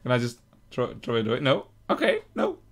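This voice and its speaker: A woman playing a video game with commentary, loud and giggly, shouting and laughing often. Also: very deep voice, wildly swooping pitch, fairly quick. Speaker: gamer.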